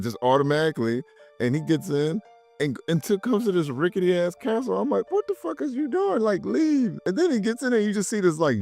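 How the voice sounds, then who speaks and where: A man co-hosting a casual film review, retelling scenes in a profane, animated way. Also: fairly high pitch. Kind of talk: casual chat.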